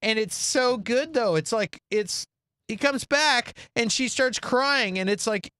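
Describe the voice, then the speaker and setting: With a very high, clear and resonant voice, this podcast co-host takes his time recapping a movie in studio-quality sound without echo. He's animated, giving each character's lines a different voice.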